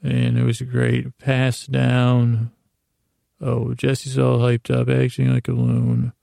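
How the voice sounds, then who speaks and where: A man's voice: mid-range voice, monotone, unhurried, vocal fry, mellow, dry recording, clean studio sound. A man hosting a sleep podcast, rambling through a casual bedtime recap with meandering restarts.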